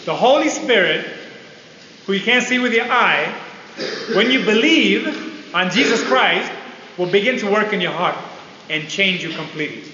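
A man's voice: high voice, sharp tone. A man preaching a sermon to an audience in a large hall, emphatic and repeating key phrases, on a dull lo-fi recording with faint hiss.

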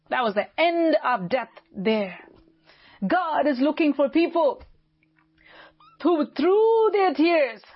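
A woman pastor delivering an impassioned sermon, swinging between loud fervent lines and hushed low ones. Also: husky. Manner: impassioned preaching with sudden loud and quiet swings. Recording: dull lo-fi audio.

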